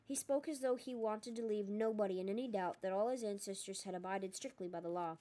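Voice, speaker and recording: Woman reading a story aloud, steady even narration. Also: mid-range voice, fairly quick. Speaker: audiobook reader. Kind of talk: audiobook narration.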